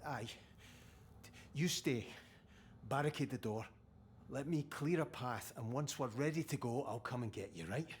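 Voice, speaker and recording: An actor playing a panicked Scottish oil rig worker in a video game, with a Scottish accent and a blunt, swearing way of talking. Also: male voice, mid-range voice, a little slow, pauses often, slight background noise, natural voice. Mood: reassuring.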